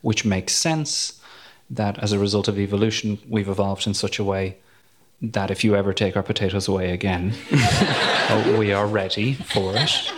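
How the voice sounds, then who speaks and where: An Irish man telling a comic story, animated and self-mocking as he builds to punchlines. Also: fairly low pitch, moderate pace, slight background noise. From Ireland. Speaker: comedian guest.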